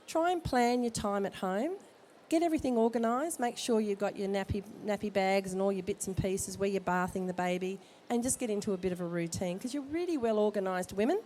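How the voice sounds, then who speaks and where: A woman who has a cold talks briskly in a medium-pitched, slightly mellow voice, hardly pausing at all. As the midwife speaker at a baby expo, she gives expectant parents jokey, no-nonsense advice in an informal talk in the expo hall, with slight background noise.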